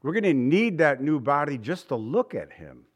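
A man's voice: a little high, sing-song, moderate pace. A male pastor preaching a conversational sermon, mixing quips with scripture reading.

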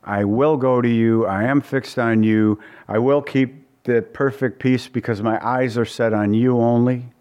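A man's voice: mid-range voice, steady tone, unhurried, hardly any pauses, darkish tone. A man preaching a conversational Bible-study sermon in a folksy way, often repeating words and asking his listeners questions.

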